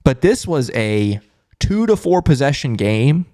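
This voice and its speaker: A man's voice: medium pitch, measured pace. A man hosting a fan podcast's postgame live stream, chatty and amused, reading and answering viewer comments. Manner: laughing, animated, talks straight to chat. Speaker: podcast host and producer.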